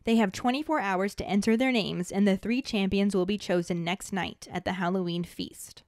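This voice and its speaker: Woman, podcast host, scripted recap narration, steady delivery, dry close mic. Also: medium pitch, normal speed, no echo. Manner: steady, even storytelling recap.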